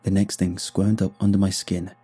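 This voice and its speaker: A man giving tense, scripted first-person horror narration with hushed drops in his voice. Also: low voice, little pitch movement, normal speed, breathy edge, soft background music.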